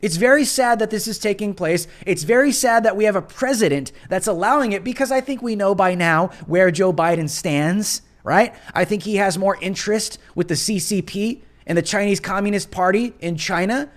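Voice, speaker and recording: A man hosts a live political commentary stream in a somewhat high voice for a man. He talks casually and animatedly, leaning on slang and repeating himself. He thanks and reads out viewers' donations between his opinions. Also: normal speed, few pauses. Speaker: host of a live show.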